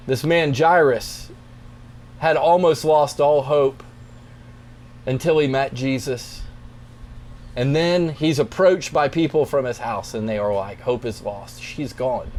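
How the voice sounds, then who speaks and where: A young man, a youth pastor, reading scripture and then explaining it in a relaxed, conversational devotional talk. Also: medium pitch, slight background noise. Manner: relaxed, conversational, plainspoken encouragement.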